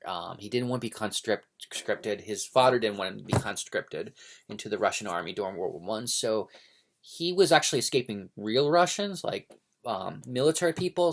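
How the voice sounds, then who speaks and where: A man from the United States talking in a casual, rambling monologue, hesitant with many fillers, restarts and opinionated tangents. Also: on the low side. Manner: digressive, opinionated. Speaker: book vlogger.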